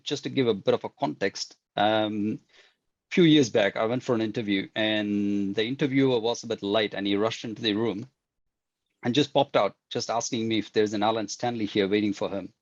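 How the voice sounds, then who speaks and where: A man from India speaking as a panelist, pausing often with fillers. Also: on the low side, highs cut off. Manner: hesitant, frequent fillers.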